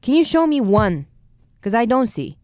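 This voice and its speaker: A young woman in her twenties from Bulgaria, speaking English in a casual podcast chat, animated and opinionated. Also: on the high side, no room sound, studio quality. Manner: animated, opinionated, quick asides. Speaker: podcast co-host, university student.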